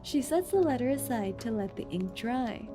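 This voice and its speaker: A woman's voice: a little high, expressive, moderate pace, music in the background. A woman streamer chatting playfully and reading game text aloud during a gameplay stream. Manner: playful and giggly, jokes around.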